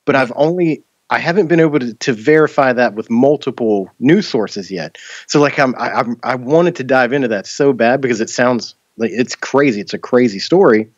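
A man's voice: mid-range voice, normal speed, few pauses, dry recording, muffled recording. A man hosting a podcast in casual chat, rambling with many fillers and restarts. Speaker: podcast host.

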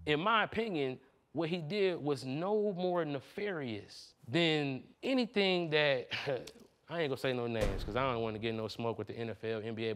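A man playing a defense attorney in an improvised comedy courtroom, arguing in a heated, animated and slangy way. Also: mid-range voice. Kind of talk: improvised comic courtroom argument.

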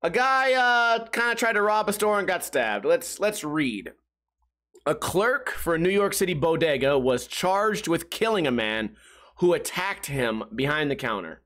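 High-voiced man rambling on a podcast. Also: very animated, a little slow, fairly bright tone. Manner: rambling, joking, trails off with "like". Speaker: podcast host. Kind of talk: casual solo podcast rant.

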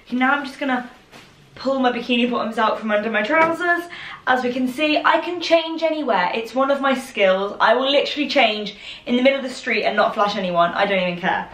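A woman's voice: a little high, animated, brisk, a bit bright, recorded from a distance. A young woman chatting casually in a rambling, self-mocking way as she tries on clothes in her bedroom. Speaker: fashion vlogger. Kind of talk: casual try-on haul chat. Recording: echoey room, mic set back.

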